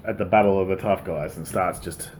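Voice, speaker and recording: A man co-hosting a casual podcast chat, recapping a film's plot in a loose, animated way and laughing often. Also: deep voice, fairly quick, a little hiss or hum. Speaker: podcast co-host.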